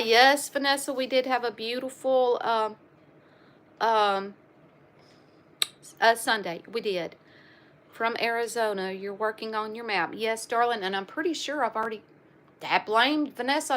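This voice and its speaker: A woman's voice: fairly high pitch, normal speed, fairly bright tone, a little hiss or hum. Chatty Southern woman hosting a livestream. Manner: chatty, greets viewers by name, many fillers. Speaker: livestream host. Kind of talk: casual livestream chat.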